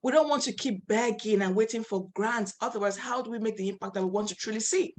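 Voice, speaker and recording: A Nigerian woman who founded a nonprofit shares her story as a guest speaker on a video call, earnest and passionate. She speaks quickly, with a medium-pitched, darkish voice, in an interview storytelling setting.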